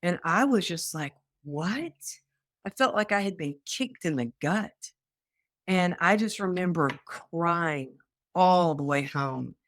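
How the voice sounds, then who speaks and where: On an interview show, a guest from Texas relates her story with animation, voicing the people she quotes. She speaks unhurriedly in a voice on the low side, captured in clean studio sound without room echo.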